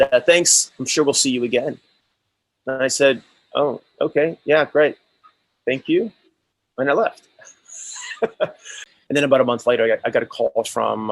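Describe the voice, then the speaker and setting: A man of middle pitch, telling stories as an interview guest. He talks with eager energy and often restarts his sentences. The room is dry, with no echo at all. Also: a bit bright. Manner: enthusiastic storytelling, many restarts. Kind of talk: casual interview chat.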